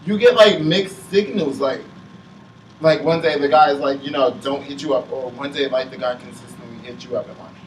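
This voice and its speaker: A young man talks through his feelings in a halting, filler-packed way, close to tears. He is picked up from a distance in a roomy space, with a faint hiss behind him. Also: medium pitch. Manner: heavy use of "like", halting, on the verge of tears. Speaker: panelist. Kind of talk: emotional casual chat. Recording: roomy sound from a distant mic with faint noise.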